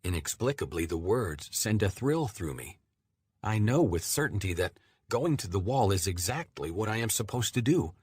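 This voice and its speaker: Low husky male audiobook narrator. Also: very animated, normal speed, dry recording, clean studio sound. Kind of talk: scripted first-person narration.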